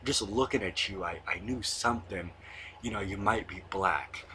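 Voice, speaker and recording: A young man imitating a soft-spoken male teacher with a low, hushed, hesitant voice. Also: moderate pace, a little hiss or hum. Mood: probing.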